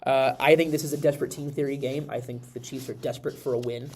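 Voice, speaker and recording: A man's voice: medium pitch, fast, breathy edge. A congested, slightly nasal man hosting a podcast, chatting casually about football with many restarts. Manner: rambling, animated, many restarts. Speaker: podcast host. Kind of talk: casual sports chat.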